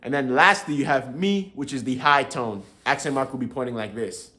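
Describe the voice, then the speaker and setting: A man's voice: medium pitch, fairly quick, pushed and bright. A young man casually explaining tones to his viewers in a laid-back, chatty way, often chuckling and calling them bro. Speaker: language learner teaching viewers.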